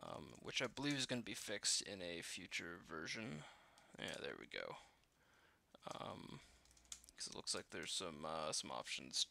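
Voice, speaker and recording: Guy coding a game and talking to himself, bright gravelly voice, kinda self-deprecating, keys clacking behind. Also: low voice, very animated, measured pace. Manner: thinking aloud, self-deprecating, many fillers. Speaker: programmer live-coding a game. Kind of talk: casual coding walkthrough.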